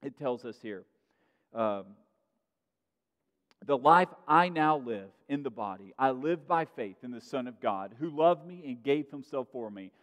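A man preaching a sermon as pastor, earnest, pushing his voice up for emphasis and then dropping to a quiet tone. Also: mid-range voice, lively intonation, measured pace. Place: church sanctuary. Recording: muffled sound in a reverberant sanctuary.

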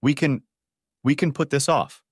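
A man's voice: medium pitch, unhurried, breathy edge, no echo, pitched above the performer's own voice. An anxious young groom pleads and tries to reassure, voiced by a man in an audiobook. He speaks earnestly, with a dry, close sound. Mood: pleading.

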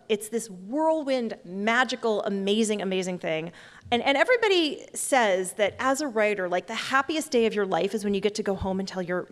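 A woman's voice: medium pitch, long reverb tail. A woman in her forties, an author giving a chatty, self-deprecating comic storytelling talk on stage.

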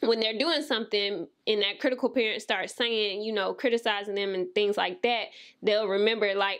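A woman's voice: medium pitch, fairly even intonation, normal speed. A woman hosting a podcast, encouraging her guest in a loose, conversational way with plenty of casual fillers. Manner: warm-hearted encouragement, conversational, many fillers like "like". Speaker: podcast host.

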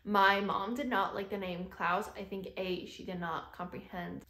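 A woman's voice: mid-range voice, level tone, moderate pace, a bit bright. Chatty young woman in a roomy space. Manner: chatty, heavy use of "like" fillers. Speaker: vlogger. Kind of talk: casual storytelling. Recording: roomy echo.

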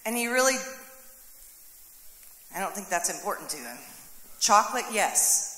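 A woman's voice: mid-range voice, big pitch swings, moderate pace, sharp tone. A woman pastor preaching a sermon, voicing prayers and quotes dramatically. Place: church sanctuary. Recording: echoey hall with long reverb.

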